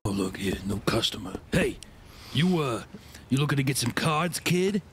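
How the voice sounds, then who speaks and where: An actor playing a pushy, shady card shop dealer in a cartoon parody dub, with a Brooklyn accent and slick sales patter. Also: male voice, mid-range voice, sing-song, moderate pace, faint music behind, lightly acted. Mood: sly salesman.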